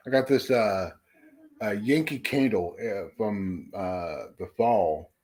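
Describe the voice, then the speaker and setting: Dude on a livestream just chatting with viewers, cusses a ton, blunt, keeps restarting sentences. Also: male voice, on the low side, takes it slowly, darkish tone, slightly rough. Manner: profane, blunt, rambling with frequent restarts. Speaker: livestream host. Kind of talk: casual chat reading viewer comments.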